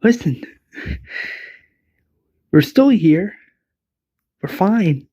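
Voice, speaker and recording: A man voicing a calm male survivor who reassures others, stammering a little, in a fan-fiction retelling. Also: sits high, extremely slow, breathy edge, pitched above the performer's own voice, heavily acted. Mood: reassuring. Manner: soothing, stammering.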